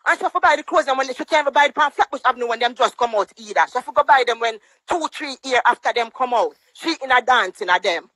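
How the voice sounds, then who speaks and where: A woman's voice: expressive, fast, hardly any pauses, fairly bright tone, no room sound, low-quality recording. Fiery Jamaican woman ranting on a live. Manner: angry, scolding, mocking quotes in higher voice. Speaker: guest on a social media live. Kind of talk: heated live-stream rant. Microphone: phone on a live stream.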